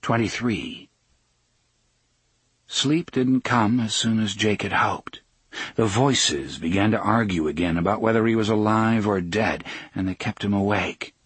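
A man narrating a novel in a measured, steady storytelling manner. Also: fairly low pitch, breathy edge, no echo. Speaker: audiobook narrator. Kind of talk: scripted narration.

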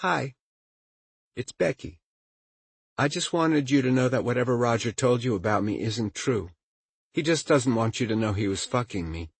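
Audiobook: male narrator doing a furious young woman, higher-pitched, husky, sugary-fake. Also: no room sound. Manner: speaks through clenched teeth, then falsely sweet. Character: bitter young woman, furious at her ex-lover.

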